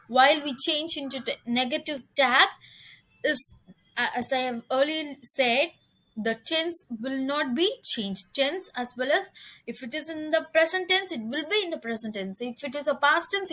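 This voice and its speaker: Woman, Indian English accent, high voice, teacher, patient step-by-step explaining. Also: fairly bright tone, rough recording. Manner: repeats "okay" often, slow deliberate explanations. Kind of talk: classroom grammar lesson.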